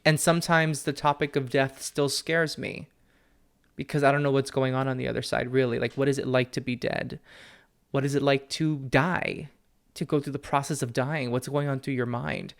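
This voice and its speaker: A young man hosting a solo podcast from home, talking candidly and earnestly, often with a soft laugh. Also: medium pitch, flat delivery, normal speed, vocal fry. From family from Peru. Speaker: podcast host, psychic medium. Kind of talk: reflective solo podcast talk. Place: at home with his dog.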